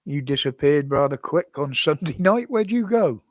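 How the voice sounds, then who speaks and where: A man's voice: on the high side, expressive, moderate pace, no room sound. Older chatty British man, dry sound. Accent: British English. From United Kingdom. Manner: rambling, chatty, chuckles often. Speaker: live-stream host. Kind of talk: casual chat answering viewers. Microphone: desk microphone.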